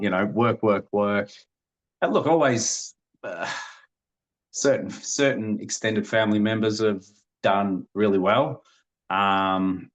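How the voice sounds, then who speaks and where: A man, a podcast guest telling family stories in a rambling way, with many restarts and small laughs. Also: on the low side. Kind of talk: casual storytelling.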